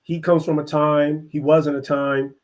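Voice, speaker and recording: A middle-aged man from East Oakland, telling his life story as an interview guest, earnest and halting with many restarts. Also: fairly high pitch, little pitch movement. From East Oakland, California. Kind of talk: reflective personal storytelling.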